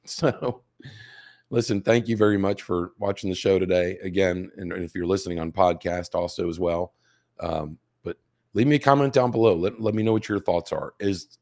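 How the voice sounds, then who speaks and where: A man in his fifties talks straight to his viewers as a show host, pressing his points with rhetorical questions. His voice sits a little low and carries a slight hoarseness. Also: darkish tone. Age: 50s. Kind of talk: direct-to-camera commentary.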